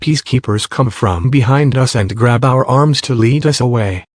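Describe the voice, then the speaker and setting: A man narrating fan fiction aloud in a steady first-person storytelling voice. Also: mid-range voice, moderate pace, no echo, studio quality.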